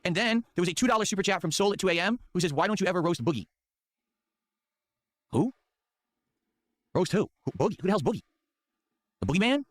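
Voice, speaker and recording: A man's voice: high voice, fast, pauses often, no echo. A man hosting a commentary show, reacting to clips in a mocking, rambling way. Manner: mocking, animated, rambling asides. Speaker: commentary channel host.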